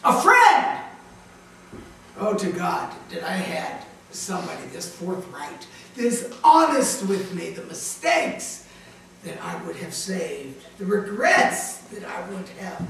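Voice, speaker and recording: Pastor preaching, slow and dramatic, high voice, from far off in a very echoey chapel with faint noise. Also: male voice, sing-song, gravelly. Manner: dramatic, swinging from loud emphatic bursts to hushed asides. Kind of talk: sermon.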